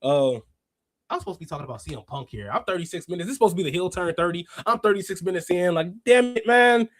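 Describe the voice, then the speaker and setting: A man hosting a wrestling review podcast, chatting casually and slangily, reading out chat comments and bursting into laughs and shouts. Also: high voice, fast talker, no echo. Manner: excitable, laughs often and breaks into shouts; slangy, talks straight to chat readers. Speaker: podcast host.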